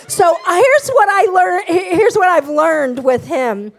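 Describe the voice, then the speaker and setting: A woman in middle age gives a sermon on marriage. Her voice sits very high, and she talks with emphatic, passionate candor. She is open about her own faults as she teaches. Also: expressive, measured pace. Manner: emphatic, passionate, self-revealing. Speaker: pastor's wife and co-pastor.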